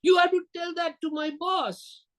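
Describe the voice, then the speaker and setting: A woman's voice: very high voice, fairly even intonation, moderate pace, voice pushed up. A man voicing an eager, overworked female office typist who pleads hopefully for recognition.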